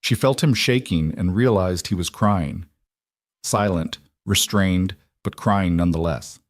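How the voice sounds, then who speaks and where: A man reading a story aloud in a steady, measured way. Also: low-pitched, no echo, clean studio sound. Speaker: narrator. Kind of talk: scripted narration.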